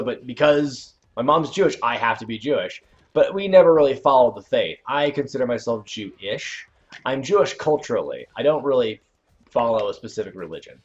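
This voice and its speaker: Rambling man on a dull lo-fi stream. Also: mid-range voice. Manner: rambling and self-correcting, with sudden loud outbursts reacting to the game. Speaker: channel host. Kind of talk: casual livestream chat while playing a video game.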